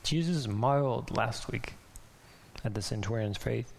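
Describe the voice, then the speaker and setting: Gravelly-voiced man giving a casual sermon. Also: medium pitch, a little slow. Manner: chatty, laughs often, acts out voices. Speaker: pastor. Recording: faint hiss.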